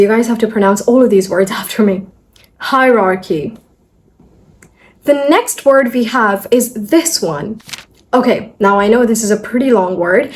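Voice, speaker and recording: In this pronunciation video, a young woman talks straight to the camera, sounding out words slowly syllable by syllable. Her voice is a little high and a little mellow, with slight background noise present.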